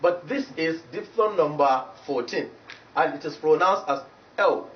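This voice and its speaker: A man with a Nigerian English accent teaching pronunciation on television, slowly repeating words as he drills them. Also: fairly high pitch, lively intonation. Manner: slow, repetitive drilling of words. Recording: dull distant TV studio sound, faint hiss.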